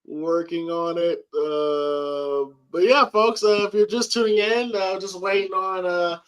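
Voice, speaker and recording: Slow, halting host with a high voice. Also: male voice, fairly bright tone, clear, resonant tone. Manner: halting, full of "uh" fillers and restarts. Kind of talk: casual live stream chat.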